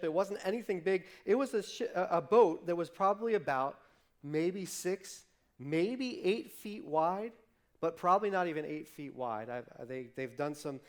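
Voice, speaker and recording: Animated male pastor preaching. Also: a little high. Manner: animated storytelling, acting out voices, frequent restarts. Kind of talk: sermon. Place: church livestream.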